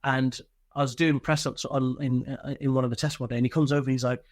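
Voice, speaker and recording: A man's voice: medium pitch, steady tone, fast talker, no room sound. A man, telling candid stories from army life as an interview guest, swearing freely and laughing through them. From Britain. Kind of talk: casual interview storytelling.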